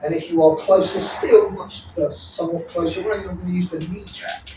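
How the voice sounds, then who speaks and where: Man, combat instructor, blunt, swearing, fairly high voice, very echoey room, off mic. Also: fairly even intonation, normal speed, distant mic, noisy background. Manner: blunt, profane, checks in with "right?". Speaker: self-defense instructor. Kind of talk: demonstration teaching.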